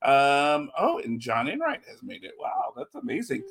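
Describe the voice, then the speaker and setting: A man's voice: medium pitch, huge pitch swings, normal speed, vocal fry, a bit bright. A man co-hosting a show in casual chat, easygoing as he greets viewers in the chat. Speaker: podcast co-host.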